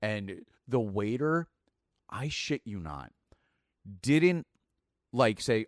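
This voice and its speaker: A man's voice: medium pitch, big pitch swings, very slow, dry recording, studio quality. A man, co-hosting a podcast and telling a long, rambling story with stumbles and restarts. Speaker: podcast co-host. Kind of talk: casual chat. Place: studio. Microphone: mic on an arm.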